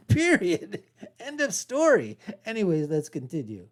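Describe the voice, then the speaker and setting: A man's voice: sits high, wildly swooping pitch, a little slow. A man hosting a reaction video, commenting casually and laughing often with mocking asides.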